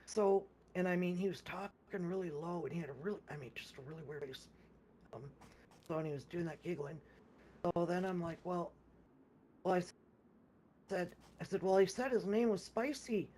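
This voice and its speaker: Casual gamer storyteller, mid pitch, rambling, stop-start delivery. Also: normal speed, dark tone, slight background noise. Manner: rambling, with many restarts and repeated words; acts out others' lines in quoted speech. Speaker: gamer recounting a game session.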